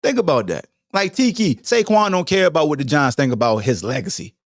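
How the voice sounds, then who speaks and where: This podcast host talks a little fast over studio-quality audio with no room sound, ranting alone about sports in a slangy, foul-mouthed style aimed straight at his audience. His energy swings between loud, high outbursts and quiet muttering.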